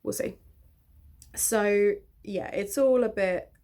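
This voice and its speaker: A woman in her twenties chatting in a get-ready-with-me vlog, self-mocking and quick to laugh, talking to the camera at home. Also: mid-range voice, darkish tone. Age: 20s. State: hair still wet. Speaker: vlogger and author.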